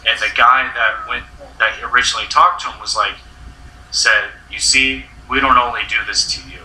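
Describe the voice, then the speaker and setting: A man's voice: medium pitch, steady tone, moderate pace, bright, forceful tone, a little hiss or hum. A young man hosting a casual chat, telling a long story full of filler words. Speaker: host. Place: friend's house indoors. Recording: echoey room, mic at a distance.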